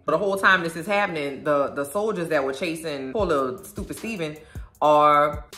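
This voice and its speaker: A woman with a low voice retells a show episode in loose, animated, slangy chat. She slips into the characters' lines as she goes. The room around her is echoey, with faint music underneath. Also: normal speed. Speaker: video host recapping a show episode. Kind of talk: casual recap chat.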